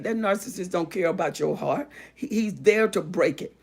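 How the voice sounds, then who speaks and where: A woman's voice: fairly low pitch, moderate pace, creaky, darkish tone, husky. A woman hosting an advice talk, speaking in an emphatic, repetitive, sermon-like cadence and reading out viewer comments. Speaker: relationship advice host.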